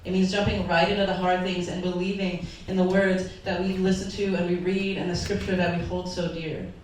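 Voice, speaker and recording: A woman's voice: lowish voice, a little mellow, slight background noise. A woman pastor giving an earnest, emotional sermon, her voice sometimes wavering as if near tears. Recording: echoey hall from far off.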